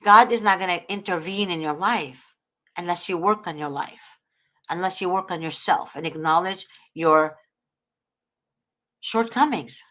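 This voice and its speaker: A woman's voice: on the low side, a little slow, long pauses, fairly bright tone. A woman hosting a talk show, giving earnest, preachy advice and repeating her points. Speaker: host.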